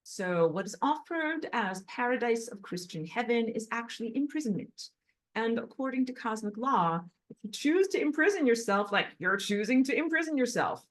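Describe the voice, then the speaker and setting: A woman's voice: on the high side, animated, moderate pace. A woman giving an impassioned spiritual lecture in a blunt, emphatic and agitated manner while walking on a treadmill. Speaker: spiritual teacher.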